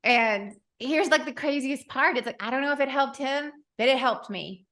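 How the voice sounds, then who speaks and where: Woman podcast host, 30s, bright and forceful voice, animated storyteller who laughs often. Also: high voice, moderate pace. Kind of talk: casual interview chat.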